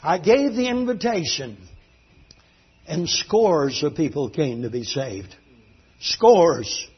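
Fervent high-voiced preacher, husky. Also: male voice, expressive, takes it slowly. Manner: fervent, dramatic preaching that swings between hushed and loud. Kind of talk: sermon storytelling. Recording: dull lo-fi recording.

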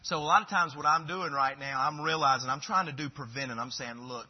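A man's voice: medium pitch, fairly even intonation, a little fast, hardly any pauses, husky. A man preaching a sermon in a folksy, conversational way that swells into fervent exhortation. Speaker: pastor. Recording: dull lo-fi recording.

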